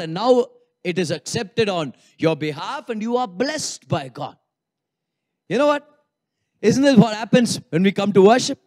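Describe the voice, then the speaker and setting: A male pastor preaching a sermon in an animated way, playfully acting out what people think during worship. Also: extremely high pitch. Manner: animated, acts out congregants' inner thoughts with humor.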